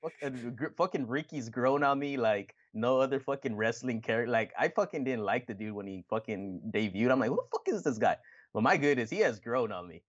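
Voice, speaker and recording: A man co-hosting a podcast in casual chat, animated, swearing often and acting out quotes with laughter. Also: mid-range voice, brisk, few pauses, dull audio. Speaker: podcast co-host.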